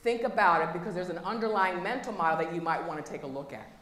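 A woman's voice: on the low side, quick pace, fairly bright tone. Woman speaking in an echoey conference hall. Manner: engaging, quizzes the audience with questions. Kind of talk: motivational talk to a live audience. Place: conference room. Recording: echoey hall with long reverb, faint noise.

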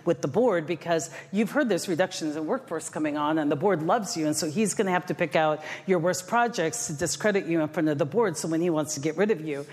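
A woman speaker voicing her own ego as an insistent, suspicious inner voice, a little lower than her usual talk, in an echoey hall. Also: brisk, few pauses, darkish tone, lightly acted. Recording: echoey hall with faint noise.

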